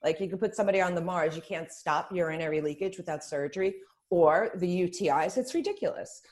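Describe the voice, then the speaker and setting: A woman guest on a casual podcast chat who explains things in an emphatic, animated way. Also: fairly low pitch, fast talker. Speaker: guest, spa business founder.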